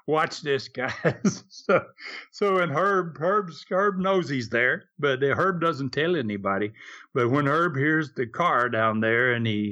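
Older male interview guest, 70s, mid-pitched storyteller, chuckly, acts out quotes. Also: a bit bright, lo-fi sound.

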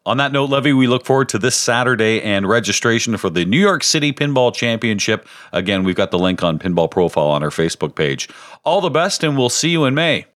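A man's voice: medium pitch, animated, a little fast, fairly bright tone, no echo, clean studio sound. A middle-aged man hosting a podcast in casual chat, telling stories and chuckling often. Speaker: podcast host.

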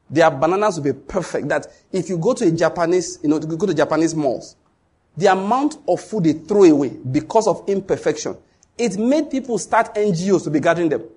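A middle-aged man, preaching a sermon in an animated storytelling way. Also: fairly high pitch, husky. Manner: storytelling, animated, with sudden loud acted outbursts. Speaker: pastor.

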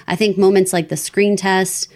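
A woman's voice: medium pitch, steady tone, normal speed, a little mellow. Giggly woman with a partly Southern accent. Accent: mixed American, partly Southern. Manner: giggly, enthusiastic, filler-heavy. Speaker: podcast co-host. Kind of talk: casual chat.

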